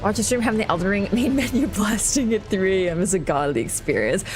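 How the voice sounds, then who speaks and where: Woman gaming streamer, casual chat, bouncy expressive pitch, rambling and laughing, soft music underneath. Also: quick pace. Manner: rambling, chatty, swears and laughs a lot. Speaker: gaming livestreamer.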